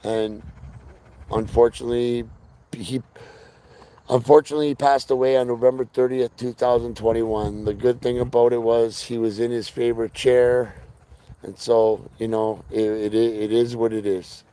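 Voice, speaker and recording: Earnest mellow-voiced man streaming live. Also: medium pitch, little pitch movement, moderate pace, clean tone. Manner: earnest, talks to viewers by name. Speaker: dog trainer live-streaming. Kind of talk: casual live-stream chat.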